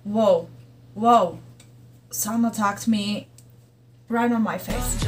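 A woman with a slightly high, expressive voice speaks extremely slowly, pausing often, as she hosts a reaction video to a music video. Faint music plays behind her while she gushes, exclaims, and frequently laughs and gasps.

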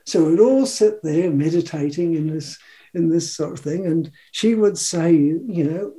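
Slow, mellow New man in his seventies. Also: on the high side. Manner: rambling, chuckling, acts out quotes. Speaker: trance channel telling his story. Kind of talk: casual storytelling.

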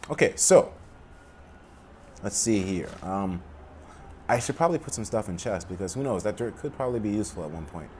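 A man casually commentating a game, rambling and swearing, sometimes bursting into loud laughter. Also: on the low side, expressive, fairly quick, long pauses, slight background noise. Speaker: gaming commentator. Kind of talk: casual let's-play commentary. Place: room at home with windows open.

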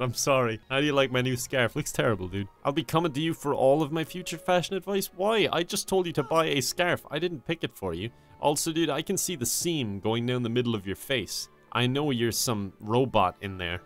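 A man's voice: medium pitch, normal speed, fairly bright tone, faint music behind. A young man in his twenties giving joking, sarcastic commentary while playing a game. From Ireland. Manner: sarcastic, joking, laughs at himself. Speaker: gaming YouTuber. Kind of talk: comedic let's-play commentary.

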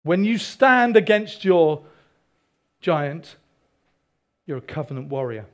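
High-voiced man preaching. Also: slow. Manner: animated preaching with asides to the congregation. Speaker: pastor. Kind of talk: sermon.

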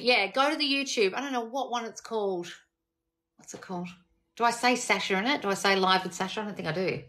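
A woman's voice: on the high side, sharp tone. A woman, a manifestation coach answering questions on a live stream, blunt and exasperated, swearing often.

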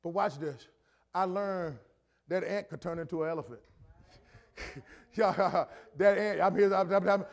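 A middle-aged man preaching a sermon as pastor, talking to the congregation conversationally, repeating phrases for emphasis and building to shouted points. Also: high voice, a little slow, pauses often.

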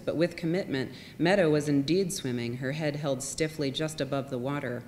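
A woman reading literary fiction aloud in a measured, softly expressive way. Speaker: reader. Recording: long reverb, faint rumble.

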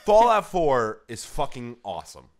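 A man's voice: medium pitch, sing-song, normal speed. A young man co-hosting a casual gaming podcast, loose and profane, laughing often. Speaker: podcast co-host. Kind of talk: casual chat.

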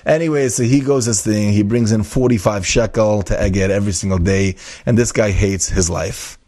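A man, a rabbi, teaching a Torah class through an animated, casual parable. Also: fairly low pitch, moderate pace.

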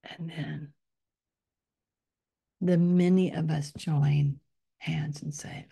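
Slow, husky woman guiding a meditation. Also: deep voice, fairly even intonation. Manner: soft, unhurried, often drops to a whisper on affirmations. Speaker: spiritual teacher. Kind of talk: guided meditation.

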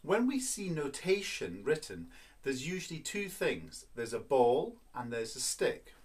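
A man's voice: medium pitch, very animated, a little slow, husky. A man teaching a children's violin lesson, patient and playful, counting beats and explaining step by step.

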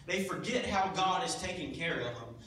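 A high, bright male voice delivers a sermon and brings the stories to life with acted-out lines. The sound is very echoey and distant, as if taken from the back of a church, with faint noise underneath. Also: normal speed. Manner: animated storytelling, acting out voices. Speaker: preacher. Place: church sanctuary. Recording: echoey hall, mic at a distance.

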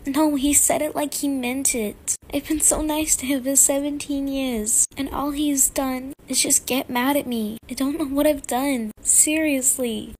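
A betrayed wife and mother pours out her hurt, voiced by a young woman in a home-made toy-app role-play. The voice sits a little high and strains as she pleads. A faint hiss runs under it. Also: fairly even intonation, measured pace, few pauses, a little mellow. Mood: distraught. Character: heartbroken wife and mother of a family.

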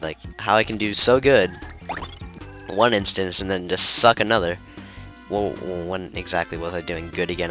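This let's player is a young man with a lowish, sharp-toned voice. Playing a video game, he rambles through flustered commentary, constantly restarting sentences and leaning on fillers.

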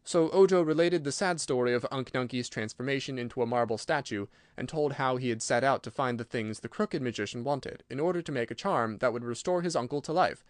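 A man narrating a children's fantasy book in a steady, even storytelling voice. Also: mid-range voice, fairly quick, few pauses, no echo, studio quality. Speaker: audiobook reader. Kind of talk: scripted narration.

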